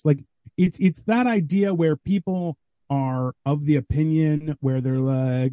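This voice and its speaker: A man who is a guest comedian on a podcast, chatting casually and telling animated stories, acting out what people said. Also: on the high side, normal speed, no room sound, muffled recording. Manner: animated storyteller, acts out quoted voices. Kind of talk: casual chat.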